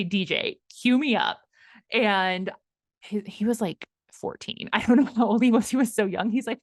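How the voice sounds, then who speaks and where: A woman in her thirties hosting a solo podcast, telling personal stories in a candid, animated way with laughs and some swearing. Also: lowish voice, dry recording, studio quality. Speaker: podcast host.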